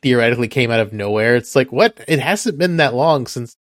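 A man hosting a podcast in casual chat, rambling and halting and chuckling often. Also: mid-range voice, animated, dry recording, clean studio sound. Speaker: podcast host.

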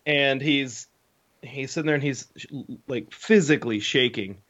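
A young man co-hosting a podcast, telling a story in a casual, animated way with lots of fillers. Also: medium pitch, measured pace. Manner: animated storyteller, many fillers and acted quotes. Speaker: podcast co-host. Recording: slightly dull lo-fi sound.

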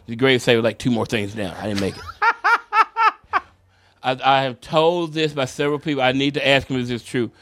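Bright-voiced comedian man, animated and profane. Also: medium pitch, quick pace, hardly any pauses, dry recording, clean studio sound. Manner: animated, profane, laughs through his stories. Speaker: stand-up comedian guest. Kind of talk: comic storytelling in casual chat.

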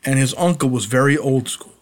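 A man's voice: mid-range voice, a little fast. A man co-hosting a podcast, telling old wrestling stories in casual chat and laughing along. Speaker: podcast co-host, former wrestler.

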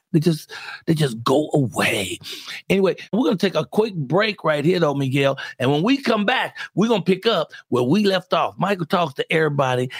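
A man's voice: on the high side, vocal fry, husky, dry recording, clean studio sound. A man hosting a podcast in a casual, folksy, laid-back way with slangy talk. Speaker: podcast host. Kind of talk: casual interview chat.

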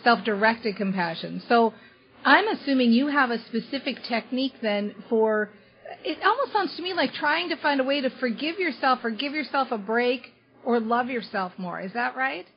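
A woman's voice: sits high, moderate pace, muffled recording. A woman hosting a podcast interview, friendly, paraphrasing her guest and asking follow-up questions. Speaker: podcast host.

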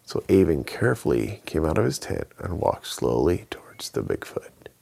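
Deep, gravelly storyteller man. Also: very animated, moderate pace, dark tone. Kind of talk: children's bedtime story narration.

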